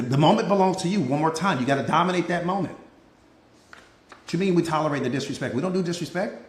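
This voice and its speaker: A high-voiced man delivering a live motivational talk in an echoey room. He preaches emphatically, repeats his key lines for effect and calls out to audience members by name. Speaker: mindset coach.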